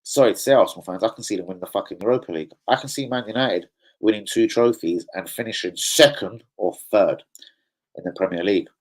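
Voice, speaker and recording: A man's voice: lowish voice, fast talker, poor audio. A man hosting a fan channel, chatting casually about football, full of slang and swearing. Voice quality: profane, animated, slang-heavy. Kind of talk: casual livestream chat.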